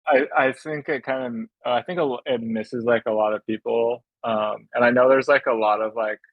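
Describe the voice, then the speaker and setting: A man in his thirties, a guest on a podcast, talking in a rambling, hesitant way full of fillers, with a gravelly voice. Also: medium pitch, fairly even intonation, moderate pace, dry recording, dull audio. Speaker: podcast guest, shoe designer. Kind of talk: casual chat.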